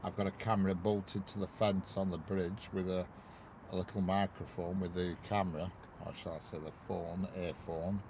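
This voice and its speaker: Sitting in his parked car near a railway bridge, a northern English man livestreams about railways, rambling and greeting viewers by name. He has a low-pitched, level voice at normal speed. His wireless clip-on mic inside the car picks up a noisy background.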